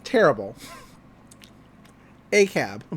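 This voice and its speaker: A man hosting a podcast, casually recapping an episode in an animated way, laughing and acting out the characters. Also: medium pitch, slow, slightly rough.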